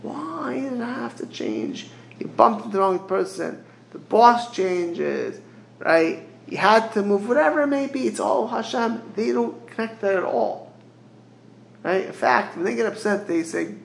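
A man's voice: high voice, very animated, normal speed, creaky, reverberant, slight background noise, poor audio. A man teaching as a rabbi in a Torah lecture, mixing Hebrew phrases into English and often repeating words as he searches for the next one.

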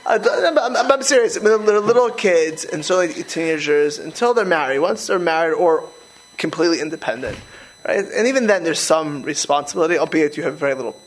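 Animated high-voiced middle-aged man. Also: brisk, a little hiss or hum, low-quality recording. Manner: animated, emphatic, with frequent restarts. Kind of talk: casual conversation.

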